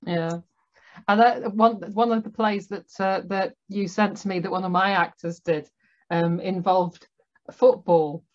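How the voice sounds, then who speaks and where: A woman's voice: medium pitch, steady tone, unhurried, lo-fi sound. A woman with a Northern English accent, hosting an interview in a chatty way and laughing often. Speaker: host. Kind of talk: casual interview chat.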